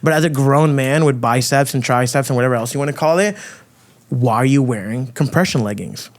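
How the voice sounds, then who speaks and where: A man hosting a podcast, delivering a loud, crude, provocative rant full of swearing. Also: mid-range voice, fairly quick. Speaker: podcast host. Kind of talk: ranting monologue.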